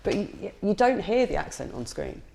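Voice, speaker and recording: A woman's voice: mid-range voice, sing-song, moderate pace, creaky, dark tone. A woman with a Lincolnshire accent, hosting and chatting earnestly. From Lincolnshire, England. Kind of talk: casual chat.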